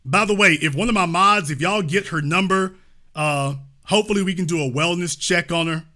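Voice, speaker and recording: A man with a high, bright voice hosts a call-in show. He mocks and insults and keeps repeating his jabs. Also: brisk. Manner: mocking, insulting and repetitive. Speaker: show host. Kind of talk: call-in show arguing with a caller.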